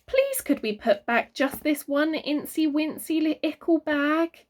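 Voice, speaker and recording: A woman's voice: high-pitched, unhurried, voice pushed up. A woman voicing a meek, sweet-talking mother who begs in a mild, wheedling way.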